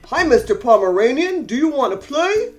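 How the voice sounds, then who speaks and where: A woman voicing a cheerful, misunderstood male dog who talks in a gruff, growling way. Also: high voice, big pitch swings, moderate pace, soft background music. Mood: friendly.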